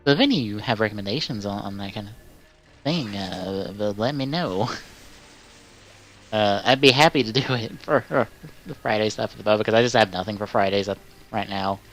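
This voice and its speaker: A man's voice: on the low side, brisk, faint music behind. Rambling, cursing male stream host. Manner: rambling, full of filler words and swearing; bursts into loud exasperated outbursts. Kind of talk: casual live-stream chat.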